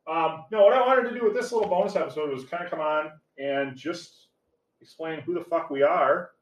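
A man's voice: a little high, brisk, reverberant, distant mic, poor audio. A man in his forties co-hosting a podcast, joking in casual chat with crude, self-mocking banter. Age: 40s. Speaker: podcast co-host.

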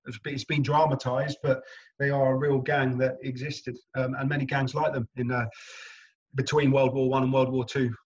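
A man's voice: mid-range voice, normal speed, breathy edge, muffled recording. A young man, an actor guest, chatting casually in an interview and telling anecdotes with frequent laughs. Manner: animated anecdotal storyteller, laughing often.

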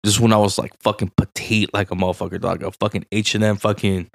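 A man's voice: lowish voice, level tone, fast talker, gravelly, no echo, studio quality. A young man from Southern California on a podcast, telling crude stories full of swearing and "bro". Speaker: podcast co-host. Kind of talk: casual podcast chat.

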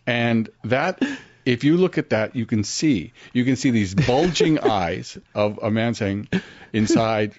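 An older man, a guest actor, telling stories in a casual interview and acting out the quotes with big jumps in pitch. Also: lively intonation, unhurried, dry recording. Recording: dry, slightly muffled studio audio.

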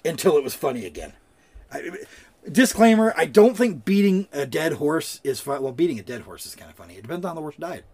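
A man's voice: a little high, animated, brisk, a little mellow. A man co-hosting a podcast, telling loose, jokey stories in casual chat and swearing freely. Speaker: podcast co-host.

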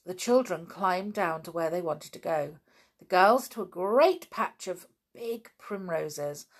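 A woman's voice: fairly low pitch, lively intonation, slow. A woman reading a children's book aloud, with chatty asides to her listeners. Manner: chatty, informal asides between passages. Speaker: storyteller.

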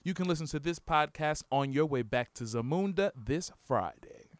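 A man's voice: a little high, lively intonation, normal speed, dry recording. A man co-hosting a podcast in casual, joking chat, often restarting his sentences. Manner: playful, joking, full of restarts. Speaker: podcast co-host.

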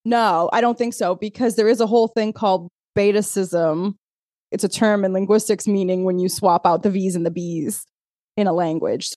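A woman co-hosting a podcast in casual chat, telling a story with lively asides and acting out quoted exchanges. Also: medium pitch, normal speed, dry recording, studio quality. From Azores. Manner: animated storyteller, laughs often, acts out quoted texts. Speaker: podcast co-host.

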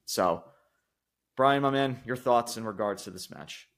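In a mid-range voice with a fairly bright tone, a wrestling podcast co-host rants heatedly and casually, swearing a lot and repeating himself. He speaks a little slowly.

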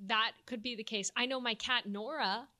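A Texan woman co-hosts a relaxed chat about weather, her voice bright and sitting a touch high. She talks in a folksy, easygoing way and laughs easily. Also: normal speed. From Texas.

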